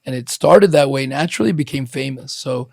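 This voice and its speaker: A man's voice: medium pitch, fairly quick, vocal fry, darkish tone, no room sound, clean studio sound. A man hosting a podcast in casual conversation, telling stories with animation, acting out quoted lines and swearing freely. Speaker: podcast host.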